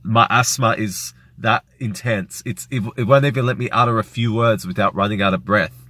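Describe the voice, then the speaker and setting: Vlogger, male, lowish voice, emotional rambling first-person storytelling. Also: steady tone, moderate pace, pushed and bright, no room sound. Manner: emotional, rambling retelling with fillers.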